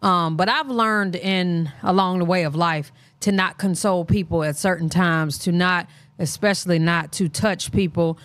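A woman's voice: fairly low pitch, moderate pace, fairly bright tone, dry recording. A woman hosting a reaction channel, giving casual, blunt, opinionated commentary.

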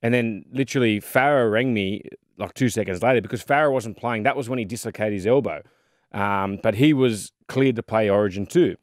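A man's voice: lowish voice, brisk, no room sound, studio quality. An Australian man in his thirties telling rugby league stories in a casual podcast chat, full of fillers. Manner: animated storyteller, fillers and mate. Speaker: podcast co-host, former rugby league player.

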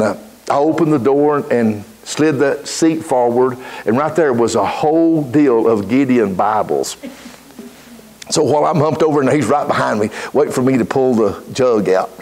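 A middle-aged man preaching a folksy storytelling sermon in church, building from easy anecdote into shouted fervor. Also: medium pitch, creaky. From Texas.

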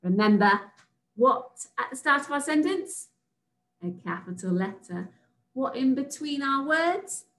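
A woman from England teaching phonics to very young children on video. She speaks slowly and in a sing-song way, stretching out letter sounds and cheering the children on. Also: sits high, lively intonation, fairly bright tone, poor audio. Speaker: reception class teacher.

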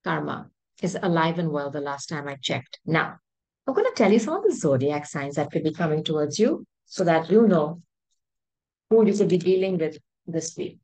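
A woman's voice: low-pitched, animated, normal speed, darkish tone, rough recording. A woman giving a spoken tarot reading straight to her viewers, emphatic and rambling. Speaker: tarot reader.

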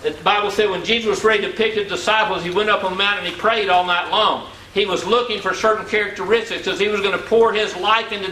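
A man in his sixties talks fast with few pauses in a high, bright, forceful voice and a steady tone, giving an earnest motivational business seminar and repeating words for emphasis. The recording comes from a far-off mic in an echoey hall, with faint ambient noise.

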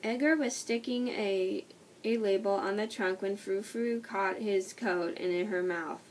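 Woman reading a children's book from afar. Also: medium pitch. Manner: slow, careful reading with frequent slips and restarts. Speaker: storybook reader. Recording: distant mic with faint noise.

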